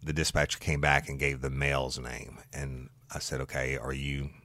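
A man, a former patrol deputy, telling a story from one of his calls in a blunt, animated way and swearing freely. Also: extremely low pitch, normal speed, dry recording. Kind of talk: casual true-crime storytelling.

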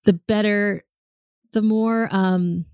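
A woman's voice: medium pitch, fairly even intonation, slow pace, a little mellow, clear, resonant tone, dry recording, clean studio sound. A woman co-hosting a casual chat, talking thoughtfully with frequent ums and restarts. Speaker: podcast co-host.

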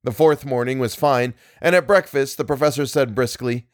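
In a dry, studio-quality recording, a man with a mid-range voice reads a literary story aloud as an audiobook narrator. His delivery of the scripted narration is measured and expressive.

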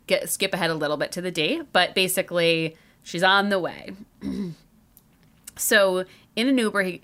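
A woman's voice: fairly low pitch, sharp tone. A woman from Chicago, a podcast host telling a dating story in chatty casual talk full of "like" fillers. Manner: chatty, lots of "like" fillers and laughter.

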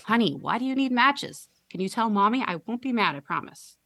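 A woman's voice: on the high side, expressive, a little fast, pushed and bright, no room sound, pitched above the performer's own voice. A woman voicing a frightened young mother pleading with her daughter to go to bed. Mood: pleading scared. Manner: pleading, anxious.

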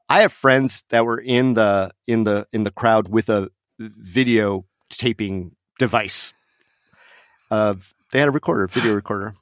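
A man's voice: fairly low pitch, a bit bright, clear, resonant tone, dry recording, studio quality. A middle-aged man from Las Vegas, a podcast guest telling an anecdote in casual chat, laughing often and acting out the voices of others. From Las Vegas, USA.

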